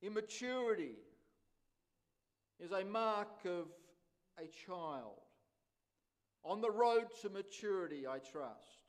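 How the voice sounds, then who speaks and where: Slow, high-voiced preaching man. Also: expressive. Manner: slow, emphatic preaching with repeated phrases. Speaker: pastor. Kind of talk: sermon.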